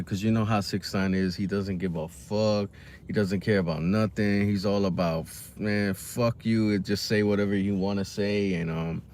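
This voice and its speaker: A man's voice: fairly low pitch, slight background noise. A man talking casually to the camera in a reaction video, slangy and rambling, with lots of fillers. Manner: laid-back, slangy, rambling with many fillers. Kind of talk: casual commentary monologue.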